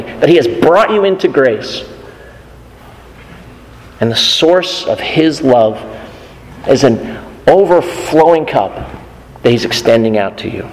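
A man preaching a sermon, earnest, who repeats his key phrases for emphasis. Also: a little high. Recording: long reverb of a church hall.

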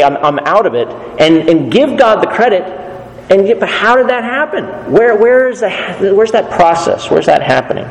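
A man preaching a sermon with animated, emphatic delivery. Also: fairly high pitch. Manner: animated, shifting between earnest and emphatic delivery. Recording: echoey hall with room ambience.

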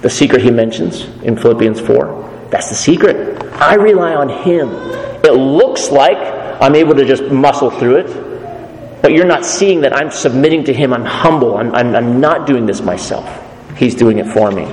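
A man preaching a sermon with animated, emphatic delivery. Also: medium pitch, normal speed, a little hiss or hum. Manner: animated, shifting between earnest and emphatic delivery. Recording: echoey hall with room ambience.

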